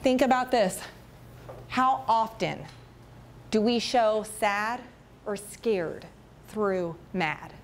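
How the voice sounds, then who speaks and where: A woman giving a chatty, animated talk to a room of parents, often tossing questions to the audience. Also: mid-range voice, drawn-out words, pauses often, slight background noise. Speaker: school parent education presenter. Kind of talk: casual presentation to parents.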